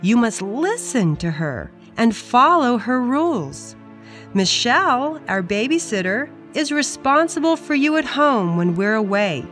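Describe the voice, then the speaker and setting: A woman voicing a gentle, patient mother in a children's story, explaining in a soothing, instructive way. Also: on the high side. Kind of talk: storybook character voice.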